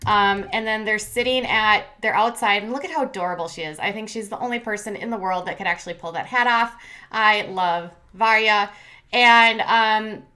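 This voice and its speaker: A woman's voice: medium pitch, moderate pace, bright, forceful tone. A woman hosting a casual reality TV recap, chatty and opinionated, with lots of fillers and sarcastic asides. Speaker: commentary host.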